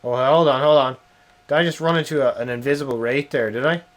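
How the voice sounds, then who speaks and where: A young man, streaming a game and chatting casually, swearing and yelling at the game. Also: mid-range voice, fast talker. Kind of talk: casual live-stream commentary.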